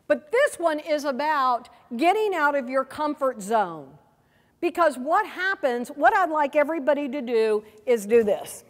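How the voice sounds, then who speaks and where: High-voiced woman leading a workshop. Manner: lively, asks the audience questions. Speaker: seminar presenter. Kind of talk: teaching a workshop. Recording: long hall reverb.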